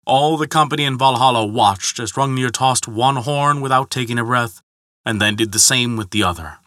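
A man narrating a myth in a measured, dramatic storytelling manner. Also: medium pitch, sharp tone, dry recording, clean studio sound. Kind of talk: scripted mythology narration.

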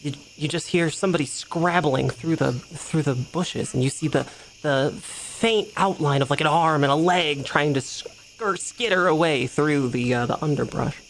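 A game master narrating a tabletop game in a descriptive, halting way, with frequent restarts. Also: mid-range voice, slight background noise, rough recording.

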